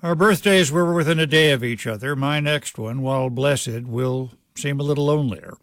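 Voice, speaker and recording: A man's voice: medium pitch, moderate pace, fairly bright tone, no room sound. A male radio news host reading a scripted essay with wry, affectionate storytelling. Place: dry radio studio. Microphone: studio microphone.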